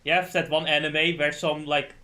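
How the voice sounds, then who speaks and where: A man's voice: fairly high pitch, level tone, normal speed, sharp tone. A man chatting casually during a game livestream, rambling, swearing often and stumbling over names. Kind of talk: casual gaming stream chat.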